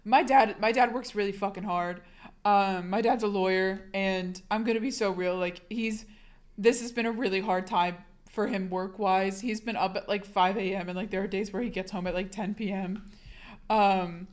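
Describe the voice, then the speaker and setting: A young woman streamer with a hoarse, husky sick voice, rambling casually to her chat and swearing a lot. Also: medium pitch.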